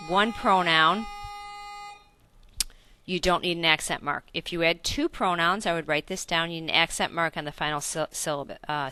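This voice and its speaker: A woman gives a recorded grammar lesson with a bright, clean voice. She walks through each point patiently, asks if it makes sense, and fixes her own slips as she goes. The sound is close and dry. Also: on the low side, clean tone, dry recording. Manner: explains step by step with frequent self-corrections and check-in questions. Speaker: Spanish teacher.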